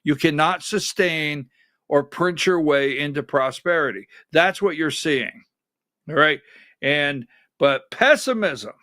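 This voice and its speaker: A man's voice: a little high, animated, takes it slowly, pushed and bright, no echo, clean studio sound. A man hosting a conservative political talk show, giving sarcastic, emphatic commentary and calling directions to his producer.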